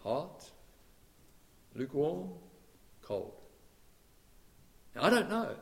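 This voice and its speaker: Male pastor with a high voice, preaches with rhetorical questions, loud then hushed. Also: very animated, drawn-out words, vocal fry. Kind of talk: sermon.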